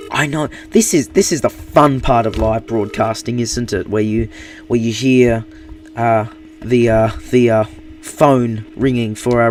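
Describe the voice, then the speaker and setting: Australian male anchor, improvised live-stream news, stop-start delivery, distant mic. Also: medium pitch. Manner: halting, many fillers and restarts.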